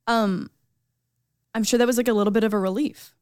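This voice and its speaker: A woman's voice: a little high, steady tone, fairly quick, darkish tone, smooth, dry recording, clean studio sound. A young woman co-hosting a podcast, chatty and empathetic, with lots of "like". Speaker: podcast co-host. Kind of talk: casual podcast chat.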